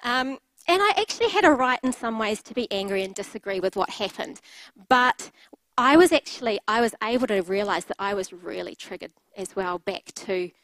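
A woman's voice: mid-range voice, moderate pace, fairly bright tone, no echo, low-quality recording. A middle-aged woman preaching a sermon, telling personal stories in a candid way with light laughter.

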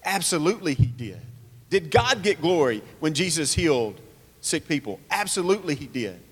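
A man's voice: fairly high pitch, big pitch swings, moderate pace, slightly rough, big-room sound. A man preaching a sermon, earnest, asking rhetorical questions and reading scripture aloud. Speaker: pastor.

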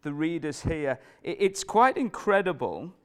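A male preacher delivers a sermon with earnest emphasis. His voice sits a little higher than most men's, and he drives points home by repeating questions to the congregation. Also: very animated, unhurried, smooth.

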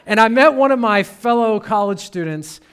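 A man's voice: high voice, animated, moderate pace, a bit bright, clean tone. A man from Detroit, Michigan, preaching a sermon as a pastor in a conversational storytelling way with humorous asides.

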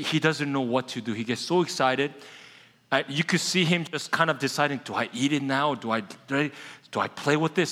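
A man preaching a sermon as pastor, an animated storyteller who slows down to stress key points, in a church sanctuary. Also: on the high side. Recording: long hall reverb.

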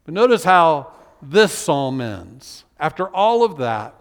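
A man's voice: fairly high pitch, sing-song. Man preaching with a ringing hall reverb. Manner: conversational preaching, reads scripture aloud slowly. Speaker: pastor. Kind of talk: sermon. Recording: long reverb of a large hall.

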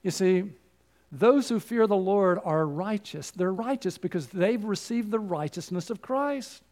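A man's voice: high-pitched, animated, a little slow, a little mellow. A man preaching a sermon as pastor, in an earnest, repetitive cadence with direct appeals to the listener.

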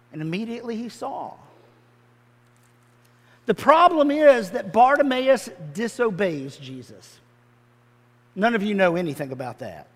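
A man's voice: sits high, sing-song, unhurried, pauses often, big-room sound. A male pastor preaching a sermon in a church sanctuary, in a conversational, humorous storytelling manner full of modern comparisons.

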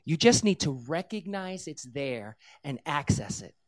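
A preacher giving a sermon who tells a story with lively energy, acts out the characters' lines and then shifts into earnest, direct teaching on faith. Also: mid-range voice, measured pace.

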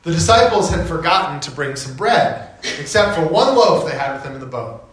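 A man preaching a sermon as pastor, telling it in an animated, conversational way. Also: on the high side, fairly quick, reverberant, low-quality recording.

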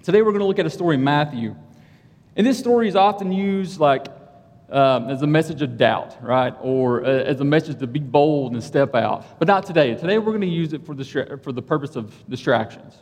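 A man's voice: a little high, a little fast, darkish tone. A man preaching a casual, conversational sermon, telling stories about himself with a self-deprecating humor. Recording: reverberant hall.

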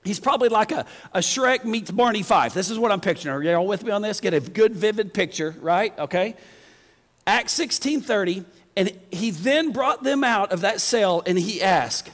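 A man preaching a folksy, animated sermon to his congregation. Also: high-pitched, a little fast. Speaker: pastor. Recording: long reverb of a church hall.

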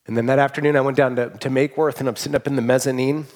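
A man delivers a heartfelt sermon from the pulpit. His voice sits at an ordinary middle pitch, and he talks earnestly, restarting phrases and letting his endings fall away quietly. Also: fairly even intonation, racing. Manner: earnest, emotional, with frequent restarts and soft trailing endings. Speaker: pastor.

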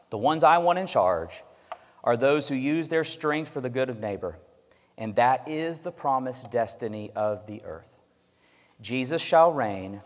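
A man's voice: medium pitch, in a large hall. A man in his thirties preaching a sermon as pastor, earnest and conversational, with asides to the congregation.

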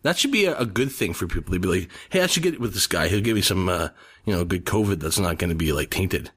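A low-voiced man rambles casually through his opinions on a podcast. He talks in a loose, meandering way. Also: expressive, quick pace, a bit bright, breathy edge. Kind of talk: casual chat.

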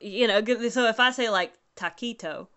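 A woman from the US South chatting casually in a relaxed, wry way. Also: on the high side, moderate pace, clean tone. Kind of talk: casual chat.

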